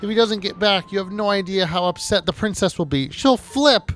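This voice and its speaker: Shrill, frantic tiny mushroom guy, squeaky and teary, loud and high above his usual voice, full of panic. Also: a little fast, soft background music. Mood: panicked pleading. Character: panicky high-pitched male Toad, small and weepy.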